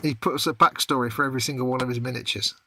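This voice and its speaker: A man's voice: medium pitch, fairly even intonation, racing, bright, forceful tone, slight background noise. A man co-hosting a casual hobby livestream, laughing along and teasing his partner. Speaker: livestream co-host. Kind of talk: casual hobby stream chat.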